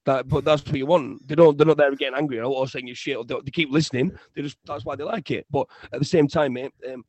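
A young man co-hosting a casual football podcast, ranting in an animated way and often repeating himself. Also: mid-range voice, fast talker, no room sound. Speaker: podcast co-host.

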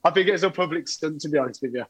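Rambling Brummie man, highish voice. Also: very fast, slightly rough. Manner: rambling, repeats himself. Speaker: podcast panelist. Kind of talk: casual podcast chat.

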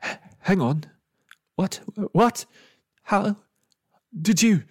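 A man voicing a spontaneous man in his thirties who loses at cards and shouts accusations, his voice rising into high yelps. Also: slow pace, creaky. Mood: stunned.

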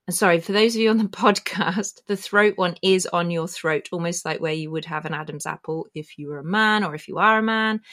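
A woman's voice: fairly low pitch, fairly bright tone. A woman hosting her own podcast, explaining a spiritual topic in a chatty, meandering way and correcting herself as she goes. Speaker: podcast host. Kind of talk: casual spoken explainer. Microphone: filmed while talking, pointing to body.

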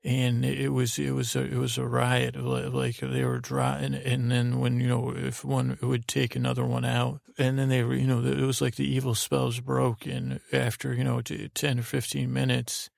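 Gravelly man rambling a drowsy story. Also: mid-range voice, completely flat delivery, normal speed, few pauses, no room sound, studio quality. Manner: meandering, hesitant, full of restarts and asides. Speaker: podcast host. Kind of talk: rambling sleep-story narration.

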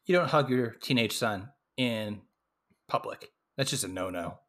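A man co-hosting a podcast, chatting about a movie with quick jokey asides and frequent laughs. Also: lowish voice, lively intonation, fairly bright tone. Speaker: podcast co-host. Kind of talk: casual movie chat.

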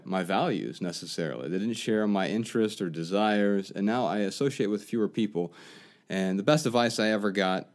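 Deep-voiced man giving thoughtful advice. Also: a little mellow. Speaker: podcast co-host. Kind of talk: casual advice chat.

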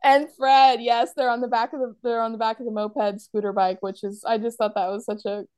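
A woman's voice: fairly high pitch, little pitch movement, fairly quick, a little mellow, clear, resonant tone, no room sound. A woman hosting a podcast quiz among friends, talking casually, laughing often and acting out quoted lines. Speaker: podcast host running a quiz. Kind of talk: casual chat between friends.

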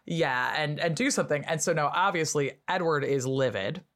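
A woman historian, a podcast guest, retelling history in a casual, irreverent and animated way, with lots of fillers. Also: sits low, moderate pace.

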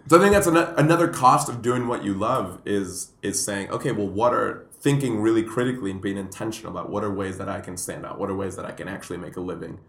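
A man's voice: lowish voice, fast talker, few pauses. A young man, a comedian and podcast guest, chatting casually and rambling through stories, acting out quoted voices. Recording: roomy echo.

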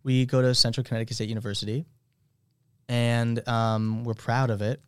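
A young man hosts a casual podcast, rambling along with plenty of fillers in an upbeat tone. His pitch sits in an ordinary middle range. The sound is close and dry. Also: little pitch movement, moderate pace, fairly bright tone, clean tone, no echo. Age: young adult. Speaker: podcast host. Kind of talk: casual chat.

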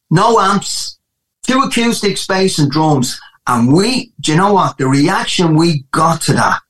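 Animated Dublin man telling stories. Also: on the high side, poor audio. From Ireland. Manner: animated storytelling with many restarts. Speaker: guest musician. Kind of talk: casual interview chat.

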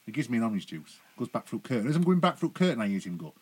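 A man telling sweary, animated anecdotes as a podcast guest. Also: mid-range voice, very fast, husky. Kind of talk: casual storytelling.

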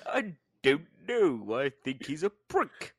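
A man's voice: fairly high pitch, big pitch swings, slow pace, breathy edge, dry recording, clean studio sound, heavily acted. A man putting on a pompous, vain Santa Claus. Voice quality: boastful, repeats his own titles grandly. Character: pompous self-obsessed male Santa Claus. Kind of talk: comedy podcast character bit.

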